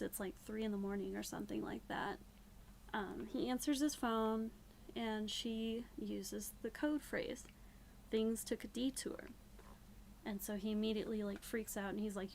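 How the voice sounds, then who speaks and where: A woman's voice: mid-range voice, vocal fry, slight background noise. A young woman recapping a book in a casual, sarcastic, rambling way, a bit tipsy. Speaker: book reviewer. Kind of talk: casual spoken book review.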